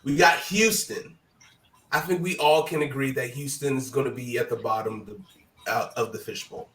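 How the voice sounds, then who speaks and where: A man hosting a casual sports talk stream, his voice hoarse, talking in a loose, hyped-up, chatty way. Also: medium pitch, moderate pace, fairly bright tone, echoey room, far from the mic, slight background noise, rough recording. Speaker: host.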